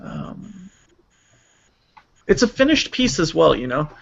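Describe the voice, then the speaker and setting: A man with a high-pitched voice hosts a relaxed live stream and reads viewer comments aloud in an easygoing way. The audio is dull and lo-fi. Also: slow pace, gravelly, a little hiss or hum. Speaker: streamer host reading chat questions. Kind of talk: casual live-stream chat about drawing. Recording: lo-fi voice-chat audio.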